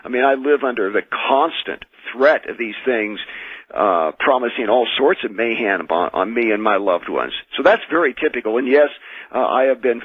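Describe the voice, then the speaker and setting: A radio call-in interview features an American exorcist and minister recounting his experiences through a tinny phone connection. He has a medium-pitched, slightly husky, dry voice that comes across animated, with no room sound. Earnest and measured, he keeps restarting phrases as he tells his stories.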